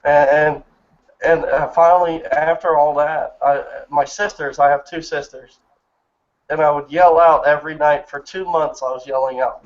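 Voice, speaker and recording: A man in his thirties speaks in casual chat, telling a story earnestly and with feeling. His voice sits a little high. The sound is muffled, lo-fi voice chat audio. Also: normal speed. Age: 30s. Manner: earnest, emotional personal storytelling. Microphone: online voice chat.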